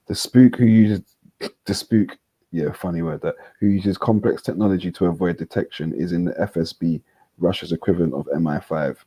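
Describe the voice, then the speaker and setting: A man's voice: low-pitched, warm tone, breathy edge, dry recording. A man reading a news article aloud on a panel chat, stumbling over names and making jokey asides. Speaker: panel host.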